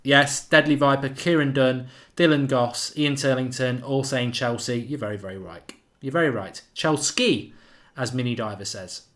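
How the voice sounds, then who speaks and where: A man's voice: mid-range voice, moderate pace, a bit bright. A man hosting a live football watchalong, chatting casually and reading out viewer comments. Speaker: watchalong host.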